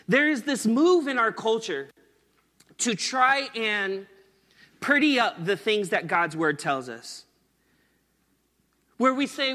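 High bright-voiced male preacher, echoing hall. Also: animated, takes it slowly, pauses often. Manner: earnest, conversational storytelling. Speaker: pastor. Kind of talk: sermon.

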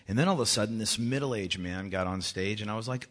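A man with children, a worship leader giving a joking testimony talk to a church that rises into loud, urgent exhortation. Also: fairly low pitch, lively intonation, fast talker. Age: adult with children. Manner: joking, self-mocking, often laughing.

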